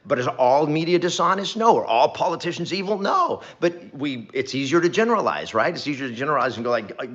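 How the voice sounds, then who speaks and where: A man's voice: on the high side, lively intonation, brisk, hardly any pauses, a bit bright, muffled recording. A middle-aged man, a real estate trainer, giving an earnest, rambling motivational talk to camera and repeating phrases for emphasis.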